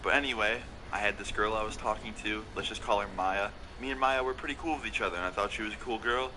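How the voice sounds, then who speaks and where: A man's voice: lowish voice, fast. A young man telling a casual story-time tale, swearing freely and filling with "like" and "okay?". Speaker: storytelling vlogger. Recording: loud vehicle noise behind the voice.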